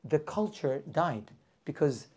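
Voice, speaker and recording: Animated male rabbi, lecture voice, asks questions, acts out characters. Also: fairly high pitch, takes it slowly, husky. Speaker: rabbi teaching a weekly class. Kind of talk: lively Torah class lecture.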